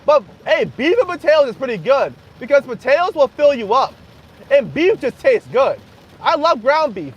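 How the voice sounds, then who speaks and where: A young man hosting a casual livestream, joking crudely and half-yelling to be heard over loud background noise. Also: very high-pitched, big pitch swings, normal speed, highs cut off. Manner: crude joking, frequent laughter. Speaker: livestream host. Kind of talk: casual livestream chat with viewers.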